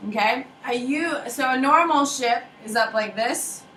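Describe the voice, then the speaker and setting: Bright-voiced lady teacher, kinda high, joking around w/ the class, roomy far-off sound. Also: measured pace, slight background noise. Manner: lively, casual, jokey, quizzes students by name. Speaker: history teacher. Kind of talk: classroom lecture. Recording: echoey classroom from far off with faint ambience.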